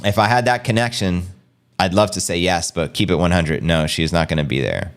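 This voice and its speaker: A middle-aged American man with a low voice hosts a casual crypto livestream, reading out viewer comments and answering them. He's energetic and fast-paced, full of slang.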